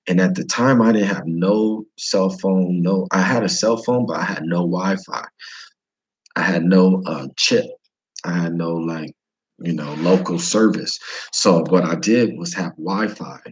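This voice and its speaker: A man's voice: sits low, a little slow, rough recording. A man from the United States casually telling a travel story, slangy, profane and rambling.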